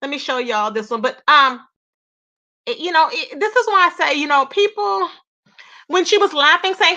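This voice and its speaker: A chatty woman, her voice high and bright, who talks straight to her viewers in a loose gossip vlog. She loops back over her points and keeps calling them "child" and "y'all". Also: expressive, moderate pace, muffled recording. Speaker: YouTube commentator.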